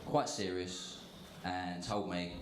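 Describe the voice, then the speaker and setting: A man's voice: sits low, fairly even intonation, slow pace, noisy background. A man giving his best man's speech at a wedding reception, jokey and chatty, with many fillers and asides. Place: wedding reception venue, indoors. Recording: echoey reception hall.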